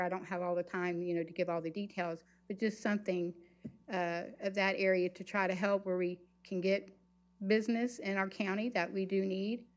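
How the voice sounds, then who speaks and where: Hesitant woman giving public comment. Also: medium pitch. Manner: hesitant, many ums and uhs. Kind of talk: public comment at a county meeting.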